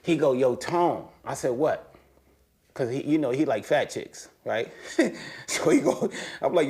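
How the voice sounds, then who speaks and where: A man, an interview guest, talking in casual conversation, animated and slangy, his voice jumping high when he gets excited. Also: a little slow. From United States.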